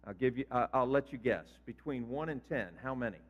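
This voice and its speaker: Older pastor preaching in an echoey church. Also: male voice, medium pitch, brisk. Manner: conversational, quizzes the congregation. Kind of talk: sermon. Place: church sanctuary. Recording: reverberant hall, dull lo-fi sound.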